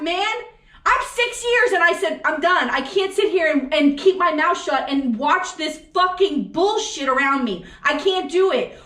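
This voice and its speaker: A woman co-host vents in an angry, profane political rant, firing off question after question. Her voice sits very high. The room around her rings with echo. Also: animated, a little slow, pushed and bright. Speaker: podcast co-host. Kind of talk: heated political chat. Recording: echoey room.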